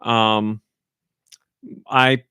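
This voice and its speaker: A man's voice: on the low side, flat delivery, extremely slow, pushed and bright, clear, resonant tone, dry recording, studio quality. A man hosting a casual podcast, telling a family story animatedly and acting out quotes in a raised voice. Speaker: podcast host.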